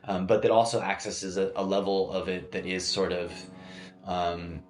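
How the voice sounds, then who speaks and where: A man's voice: deep voice, little pitch movement, moderate pace, faint music behind. A man hosting a solo podcast, thinking aloud in a meandering, hesitant way with many fillers and restarts, recorded in a room at home. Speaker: podcast host. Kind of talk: rambling solo podcast monologue. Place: home room used as studio. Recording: echoey room.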